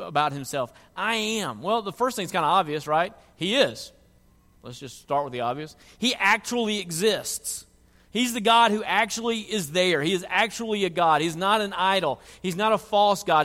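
A man's voice: high voice, a bit bright, big-room sound. A man preaching a sermon as pastor, earnest, often repeating words as he restarts his sentences.

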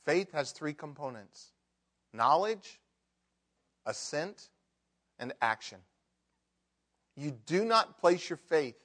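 Middle-aged male pastor mid-sermon, slightly high pitch, shifts between soft intimacy and forceful emphasis. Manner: emphatic, swings between loud mock outbursts and hushed prayer. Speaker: preacher.

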